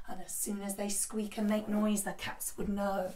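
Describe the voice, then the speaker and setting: A woman teaching a children's yoga class in a gentle, encouraging way. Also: mid-range voice, flat delivery, moderate pace, a little hiss or hum. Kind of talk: guided kids' yoga class. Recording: echoey room, voice from a distance.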